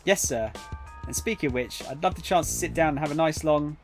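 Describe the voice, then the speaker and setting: A man's voice: a little high, brisk, soft background music, lightly acted. A man voicing a nervous young male detective who stammers and gets flustered.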